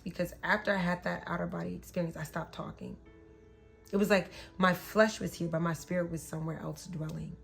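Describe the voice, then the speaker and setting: A young woman speaks frankly and emotionally, recounting a personal story and slipping into the voices of the people in it. Her voice sits low with a gravelly edge, and faint music plays underneath. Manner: candid, emotional, slips into quoted voices.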